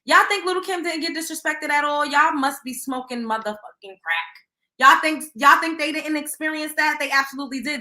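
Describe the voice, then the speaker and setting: A young adult woman hosting a casual gossip livestream, blunt and animated, swearing freely and acting out quotes as she gives her opinions. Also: high-pitched, echoey room. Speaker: host of a celebrity gossip livestream.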